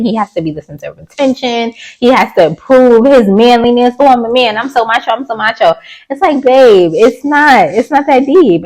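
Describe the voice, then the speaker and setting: In poor audio, a woman with a mid-range voice recaps a reality show for YouTube, chatty and blunt, tossing in sassy asides and mocking imitations of what people said.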